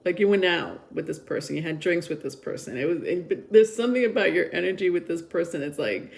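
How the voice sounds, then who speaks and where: A woman's voice: on the low side, brisk, gravelly, a little mellow. A woman giving a casual tarot reading, chatty and rambling, with frequent filler words. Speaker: tarot reader.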